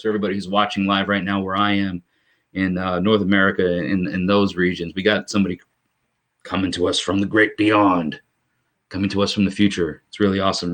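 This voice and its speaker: A man's voice: fairly low pitch, a bit bright. A man hosting a casual live stream from his home workshop. He chats with viewers, greets them by name and fills the gaps with lots of "um" and "uh". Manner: chatty, greets viewers by name, many fillers.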